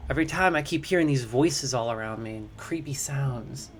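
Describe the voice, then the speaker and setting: A man streaming a video game live, talking his moves through aloud to his chat, and loud and jumpy whenever something startles him. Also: mid-range voice, normal speed, a little hiss or hum. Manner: chatty, thinks aloud to chat. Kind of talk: live gameplay commentary.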